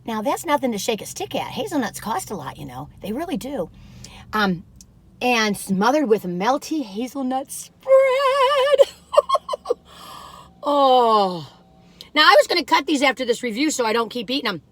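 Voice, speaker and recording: A woman's voice: fairly high pitch, big pitch swings, moderate pace, fairly bright tone, slightly rough. An older woman chatting casually in a gushing, giggly way from inside her car. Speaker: vlogger tasting cookies. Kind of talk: casual chat.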